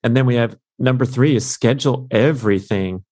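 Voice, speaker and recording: Male podcast host, casual and enthusiastic, mid pitch, keeps recapping the points. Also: fairly quick, darkish tone.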